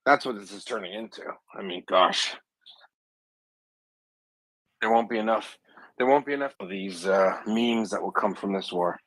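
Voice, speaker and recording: A man's voice: lowish voice, moderate pace, long pauses, fairly bright tone, dry recording, low-quality recording. A man talking bluntly and scornfully in a casual live audio chat, with dry jokes. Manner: dry joking. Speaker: guest commentator.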